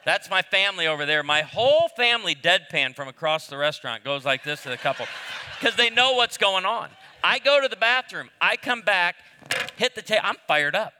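Animated preaching man in a hall. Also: high-pitched, normal speed, a little hiss or hum. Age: 50s. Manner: animated storyteller, acts out voices. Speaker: pastor. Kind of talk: sermon with humorous stories. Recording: long hall reverb.

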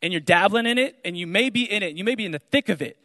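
A young man giving a spoken testimony to an audience, telling his story with lively storytelling and acting out the voices of the people in it. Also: high-pitched, racing. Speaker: speaker sharing his testimony. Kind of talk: testimony talk to a crowd. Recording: large hall reverb.

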